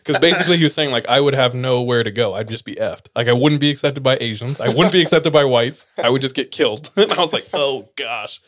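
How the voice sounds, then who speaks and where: A man's voice: mid-range voice, quick pace, hardly any pauses. A young man chatting casually on a podcast, telling a long story with lots of laughter. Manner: animated storyteller, laughs often. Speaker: podcast co-host. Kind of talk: casual chat.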